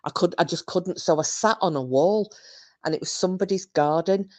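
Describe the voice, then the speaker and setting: A woman's voice: on the low side, moderate pace, darkish tone. A woman, chatting casually with her viewers on a live stream and telling rowdy drunken stories with plenty of swearing.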